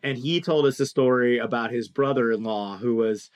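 A man telling a long story in casual chat, animated and profane, acting out the people he quotes. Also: mid-range voice, moderate pace. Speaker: podcast co-host telling a story.

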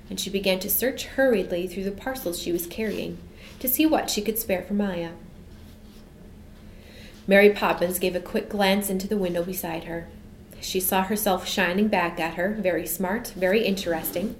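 Expressive woman reading a storybook aloud. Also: mid-range voice, normal speed. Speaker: narrator. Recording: echoey room, faint hum.

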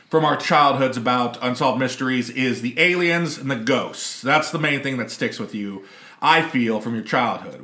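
Bright-voiced male podcast host, echoey. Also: mid-range voice. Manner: rambling, laughs often, fillers. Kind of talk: casual chat. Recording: echoey room.

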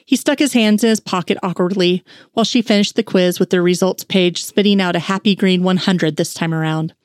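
A woman's voice: on the low side, steady tone, a little fast, no room sound, clean studio sound. A woman narrating a fan fiction story aloud, reading the dialogue with light shifts of tone. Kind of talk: audiobook narration.

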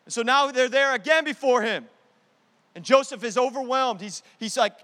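Man, young adult, pastor's sermon, high voice, long hall reverb, loud to hushed swings. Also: normal speed. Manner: animated, swings from loud preaching to hushed asides.

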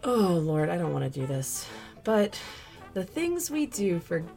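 Young woman, casual self-talk, self-deprecating, swearing, gravelly, lively pitch. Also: a little slow, faint music behind. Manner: self-deprecating, swears freely, talks to herself. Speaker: voice actor testing a mic. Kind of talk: casual chat.

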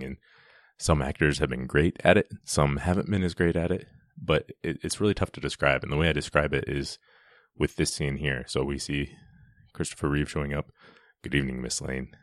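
A man's voice: extremely low pitch, fairly even intonation, moderate pace, no room sound, clean studio sound. A man giving a casual, enthusiastic commentary on a film scene, chatty and often restarting his sentences.

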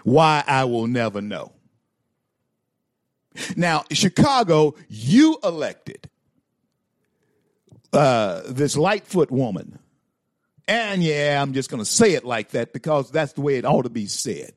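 A man's voice: medium pitch, sing-song, slow pace, pauses often, dry recording, studio quality. A man hosting a talk show, giving opinionated political commentary with emphatic repetition and stammered restarts. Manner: emphatic, repeats lines for effect.

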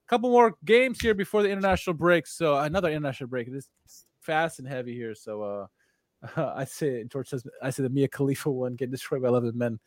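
A man's voice: medium pitch, fast talker, no room sound. A man co-hosting a casual soccer podcast who laughs often and cracks jokes between filler words. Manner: chuckling, jokey, filler-heavy. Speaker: podcast co-host. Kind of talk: casual sports podcast chat.

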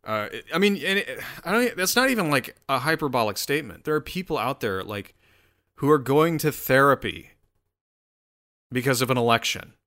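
A man's voice: mid-range voice, big pitch swings, moderate pace, a bit bright. A man hosting his own solo show, rambling and swearing in a casual rant full of restarts. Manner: rambling, profane, self-interrupting.

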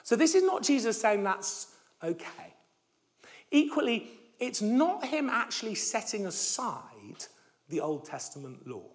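A man preaching a sermon, emphatic and animated, often restarting words and letting his voice fall soft at the ends of phrases. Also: high voice, unhurried.

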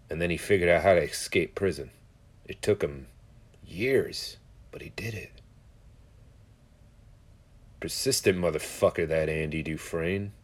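A man talking in a casual, profane, rambling monologue, telling stories and musing loosely. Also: sits low. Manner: profane, storytelling, loose and conversational.

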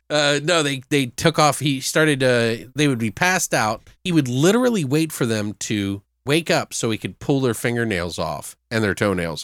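A man's voice: medium pitch, fairly bright tone, no echo, studio quality. A man co-hosting a podcast, chatting loosely about a film and retelling its scenes with casual swearing. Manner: loose, profane storyteller acting out scenes. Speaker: podcast co-host. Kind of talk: casual movie review chat.

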